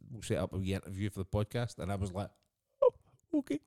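A man's voice: sits low, fairly even intonation, very fast, warm tone. A Scottish man in his thirties, co-hosting a podcast and telling stories in casual chat, laughing often. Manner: chatty storyteller, laughs often. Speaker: podcast co-host.

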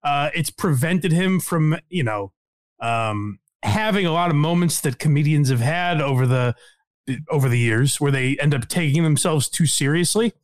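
A man with a slightly high voice hosts a podcast in loose, casual chat. He rambles through fillers and breaks into laughs. His voice sits close and dry on the mic. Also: moderate pace, no room sound. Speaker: podcast host.

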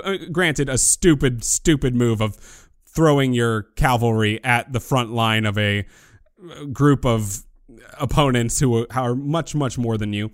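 A man's voice: mid-range voice, no echo, clean studio sound. A man co-hosting a casual podcast, joking and acting out characters' lines. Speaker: podcast co-host.

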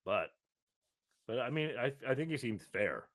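A man's voice: medium pitch, sing-song, moderate pace, a bit bright. A man co-hosting a casual podcast, rambling and riffing loosely. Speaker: podcast co-host. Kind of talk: casual chat.

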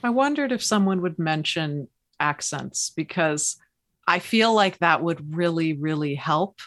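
A woman's voice: low voice, expressive, a little slow, a bit bright. A woman sharing her thoughts candidly on a casual podcast about playing tabletop game characters.

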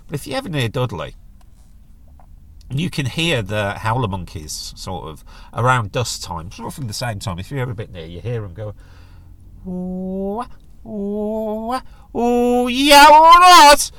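A man's voice: on the low side, big pitch swings, moderate pace, a bit bright. A middle-aged man, hosting a casual solo podcast in a jokey, rambling manner. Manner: chatty, jokey, does silly voices when quoting others. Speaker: podcast host.

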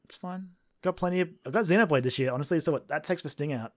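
A man's voice: fairly high pitch, fast. A man hosting a casual video game podcast, talking in a wry, self-deprecating way as he steers the segments. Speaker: podcast host. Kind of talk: casual chat about video games.

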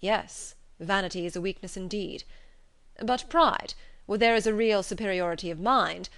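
Mr Darcy, a woman voicing a proud gentleman. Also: medium pitch, close to an everyday voice. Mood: grave. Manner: measured, formal. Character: proud reserved gentleman, grave.

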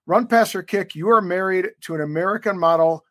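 A man's voice: high voice, brisk, a bit bright, no echo, clean studio sound. A man co-hosting a rugby podcast, chatting casually and rambling with fillers. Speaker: podcast co-host. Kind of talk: casual interview banter.

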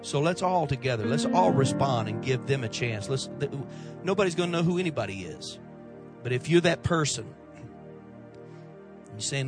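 A male pastor preaching a sermon to his church, impassioned at first, then soft and pleading as he calls people forward. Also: medium pitch, animated, moderate pace, pauses often, music in the background. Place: church sanctuary.

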